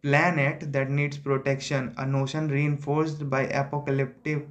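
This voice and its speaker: A young man, reading a newspaper editorial aloud slowly and correcting himself often. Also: mid-range voice, flat delivery. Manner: slow, deliberate reading with frequent self-corrections. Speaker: student practicing reading.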